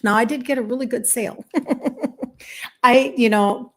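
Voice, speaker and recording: A woman's voice: on the high side, steady tone, normal speed. Chatty woman in her fifties. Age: 50s. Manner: chatty, emphatic, laughs often. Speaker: health coach. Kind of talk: casual monologue to viewers.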